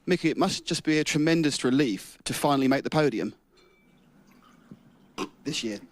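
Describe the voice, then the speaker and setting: A man conducting a post-race podium interview, asking brisk and jokey questions. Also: a little high, no room sound.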